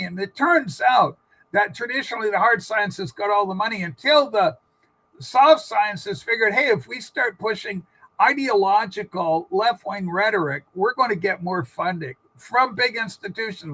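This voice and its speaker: A man with a high, bright voice hosts a political livestream chat. He rambles through stories and opinions, stopping often for fillers and restarts. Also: rough recording.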